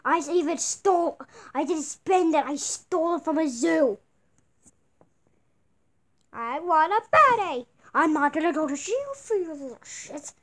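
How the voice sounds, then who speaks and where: An exasperated adult in a comedy skit snaps back with sarcasm and the odd curse. The voice is high and very lively. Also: normal speed, few pauses.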